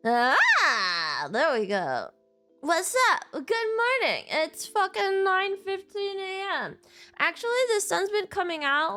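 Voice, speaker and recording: Sleepy young woman streaming, super high lively voice, giggly and sweary, light music behind. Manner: giggly, swears freely, chatty with viewers. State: sleepy, just woke up. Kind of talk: casual livestream chat.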